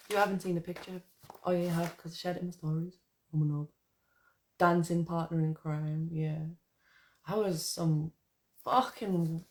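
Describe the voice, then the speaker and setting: A woman poet chatting casually to her viewers, rambling and swearing, then reading her own poem aloud. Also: low voice. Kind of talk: casual live chat and poetry reading.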